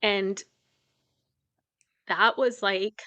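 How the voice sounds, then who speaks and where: A woman's voice: medium pitch, fairly even intonation, extremely slow, sharp tone, no room sound. A woman talking candidly and tearfully about grief on a podcast, close to tears at times. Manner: candid, tearful, speaks of grief with nervous laughs. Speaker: podcast co-host. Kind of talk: emotional casual podcast chat.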